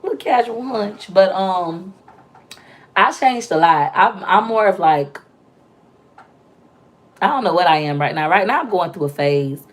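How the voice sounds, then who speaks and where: Loud, chatty young woman livestreaming. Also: fairly low pitch, measured pace, long pauses. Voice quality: loud, talkative. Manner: animated storytelling with playful voices for quotes. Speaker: livestream host. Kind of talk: casual live-stream chat with viewers.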